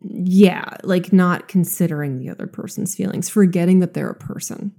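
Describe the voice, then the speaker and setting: A woman's voice: lowish voice, moderate pace, vocal fry, warm tone. Profane woman podcaster with a slight lisp. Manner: blunt and profane, lots of filler words. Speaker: podcast co-host. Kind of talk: casual chat.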